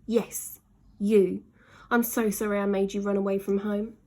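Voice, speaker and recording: A woman's voice: medium pitch, flat delivery, a little slow, mellow. A woman voicing a remorseful, caring older sister in a storybook reading, speaking in an earnest, apologetic way.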